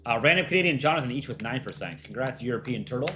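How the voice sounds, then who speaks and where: A man's voice: mid-range voice, lively intonation, fast talker, bright, forceful tone, a little hiss or hum. A man hosting a casual livestream, reading out fan art entries and reacting with light jokes.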